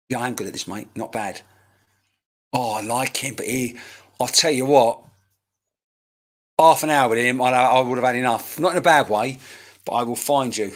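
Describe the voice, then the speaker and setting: A man's voice: medium pitch, moderate pace, long pauses. A man, working as a medium in a live-streamed reading, talking in a chatty, rambling way with casual banter and swearing, recorded on a webcam mic.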